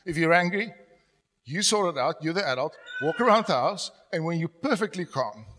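A man's voice: high-pitched, a little hiss or hum. Middle-aged male pastor in a reverberant hall. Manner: storytelling, drops to a soft confessional tone when quoting himself. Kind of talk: sermon. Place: church hall. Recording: long church hall reverb.

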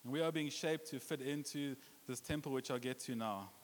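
Brisk and mid-range, this man preaches to a congregation in a church hall with a joking, playful manner, putting on accents and voices for quotes. A long reverb from the hall trails his words.

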